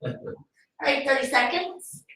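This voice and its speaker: A woman's voice: high-pitched, unhurried, pushed and bright, very echoey, distant mic. A woman on the show's staff, chatting casually and calling out the countdown. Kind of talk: casual chat.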